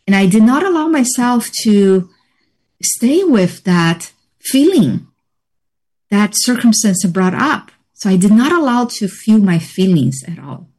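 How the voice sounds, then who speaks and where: A woman guest in an interview, telling a personal story in a reflective, measured way with frequent pauses. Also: mid-range voice, sing-song, darkish tone. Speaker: interview guest, healing practitioner.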